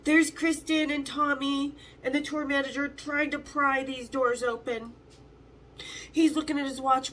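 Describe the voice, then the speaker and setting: A high-pitched woman in her fifties tells her stories with lots of energy. She swears freely and jumps into the voices of everyone she mentions. Faint ambience sits underneath her. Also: steady tone, measured pace, a bit bright, slight background noise. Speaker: host telling rock stories. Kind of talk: casual storytelling.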